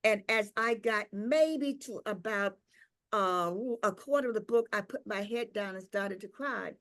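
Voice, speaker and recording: An older woman speaks at a tribute gathering and shares a personal memory in a slow, reflective way. She repeats words, pauses on "um" and "uh", and keeps drawing the audience in with "right?". Her voice sits in a middle register. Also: mid-range voice, a bit bright. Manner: reflective and unhurried, with frequent "um" and "uh". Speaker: invited speaker, professor.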